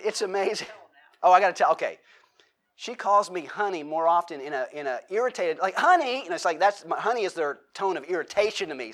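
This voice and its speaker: A middle-aged man delivers a sermon from the pulpit. His voice sits a bit higher than most men's. He talks loosely and conversationally, circling back over his words and dropping in wry asides. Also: a bit bright. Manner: conversational, with self-correcting restarts and joking asides. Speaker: pastor.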